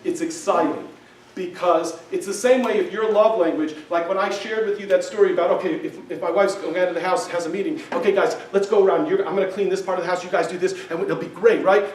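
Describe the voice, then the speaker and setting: A man's voice: high voice, steady tone, quick pace, a little hiss or hum. A man giving a casual lecture to a class, talking in a conversational way and often checking in with his listeners. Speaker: class teacher. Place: synagogue hall. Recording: echoey room, mic far off.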